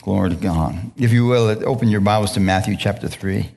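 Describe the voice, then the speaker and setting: A man pastor preaching a sermon in a church, conversational and relaxed, laughing now and then, with frequent calls of "hallelujah" and "amen?" to the congregation. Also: lowish voice, brisk, gravelly. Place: church sanctuary.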